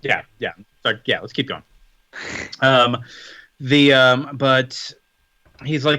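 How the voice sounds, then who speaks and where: A man co-hosting a podcast in casual chat, summarizing a story with quick acted-out quotes. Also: medium pitch, bright, forceful tone, no echo. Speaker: podcast co-host.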